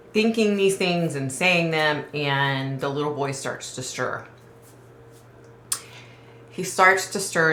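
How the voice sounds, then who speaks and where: Woman, psychic vlogger, hesitant, emotional, bright tone, echoey room. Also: low voice, a little hiss or hum. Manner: emotional, hesitant, many ums and sighs. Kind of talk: casual retelling to viewers.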